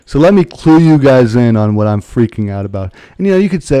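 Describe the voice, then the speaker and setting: A man hosting a casual game livestream, excitable and profane, given to mock-dramatic rants. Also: medium pitch, quick pace, few pauses, smooth. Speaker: streamer host. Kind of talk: casual livestream chat while gaming.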